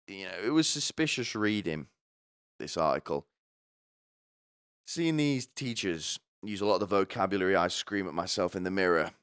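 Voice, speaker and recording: A man's voice: low-pitched, a bit bright, smooth, no echo, clean studio sound. A young man giving sarcastic, rambling comedy commentary, swearing often.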